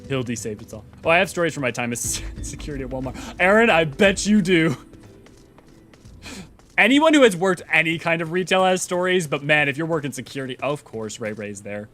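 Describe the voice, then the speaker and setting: A man's voice: a little high, big pitch swings, fast talker, few pauses, bright, forceful tone, faint music behind. A man hosting a game lore stream, chatting casually and rambling in a self-deprecating way while reading a story. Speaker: lore channel host.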